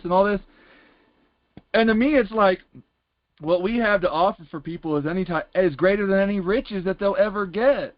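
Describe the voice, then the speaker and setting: A man's voice: high voice, normal speed, no room sound. A man giving casual, rambling testimony in a call-in Bible class, talking in loose colloquial phrases and circling back with "it's like.". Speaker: class participant. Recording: dull lo-fi conference call line.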